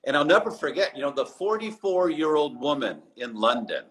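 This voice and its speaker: Animated man telling stories, fairly high voice. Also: fairly quick, poor audio. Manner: animated storytelling with quoted voices. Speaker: interview guest, doctor. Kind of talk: live interview, storytelling. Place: abroad, remote live session.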